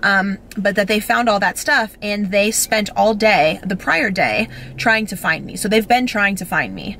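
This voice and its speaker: A woman's voice: medium pitch, animated, a little slow, sharp tone, a little hiss or hum. Teary young woman vlogger gushing. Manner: breathless, gushing, filler-heavy. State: teary, on the verge of crying. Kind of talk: emotional storytime vlog. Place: home.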